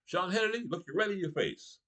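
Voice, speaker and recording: A man's voice: high voice, lively intonation, fast, a bit bright. A middle-aged man doing a political comedy monologue, talking straight to his audience and laughing between lines.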